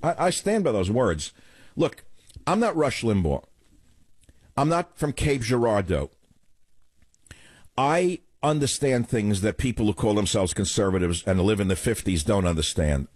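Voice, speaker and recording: A man's voice: fairly low pitch, expressive, a little slow, pauses often, darkish tone, no echo. A man hosting a radio talk show, delivering a combative, scornful opening monologue.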